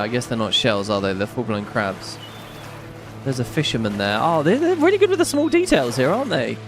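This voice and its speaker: A man giving casual let's-play commentary, chatting and musing aloud as he reads on-screen game text. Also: fairly high pitch. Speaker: gaming YouTuber. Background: game music.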